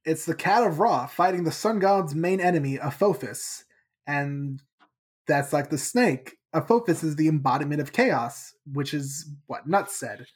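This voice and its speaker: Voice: medium pitch, unhurried, breathy edge. A podcast host casually recapping a book chapter in a chatty, playful way.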